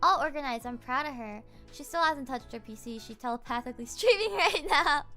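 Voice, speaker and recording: A woman's voice: high-pitched, lively intonation, fairly quick, bright, forceful tone, soft background music. A woman streamer chatting casually from her home setup, rambling and giggling with lots of fillers.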